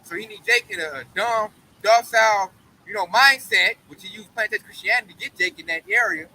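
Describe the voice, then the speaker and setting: Brief: high, bright-voiced male Bible teacher, emphatic and slangy, with faint traffic in the background. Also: big pitch swings, fairly quick, rough recording. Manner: emphatic, slangy, keeps saying "man". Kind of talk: casual preaching discussion.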